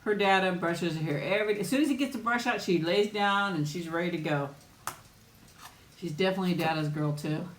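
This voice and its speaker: A woman's voice: fairly low pitch, a little fast, roomy sound, slight background noise. A woman hosting a casual live chat with viewers while eating. She tells stories in a chatty way and often laughs as she talks.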